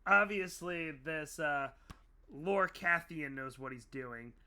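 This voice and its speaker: A man narrating a tabletop role-playing game as game master, laughing often and slipping into quick character voices. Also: on the high side, pushed and bright.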